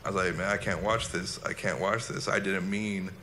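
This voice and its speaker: Guy slowly telling a war memory, kinda low voice, bright edge to it, stops and restarts a lot. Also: flat delivery, a little hiss or hum. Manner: halting, reflective storytelling. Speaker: former soldier recounting an incident. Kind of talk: personal recollection monologue.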